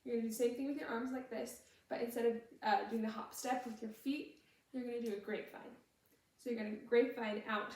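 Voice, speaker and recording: A woman's voice: a little high, darkish tone. Patient young female dance instructor, mic far away, very roomy hall sound. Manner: patient, explains moves while demonstrating, sometimes hums the tune. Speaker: dance teacher. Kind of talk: teaching choreography step by step. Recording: echoey room, voice from far off the mic.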